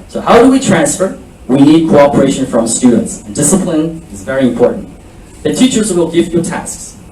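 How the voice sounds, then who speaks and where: A man's voice: on the high side, distant mic. Man lecturing in an echoey room. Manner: animated lecturing, mixing French phrases and drills. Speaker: school principal giving a seminar. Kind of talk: seminar talk to prospective students. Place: presentation room. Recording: echoey room, voice from afar, faint background hum.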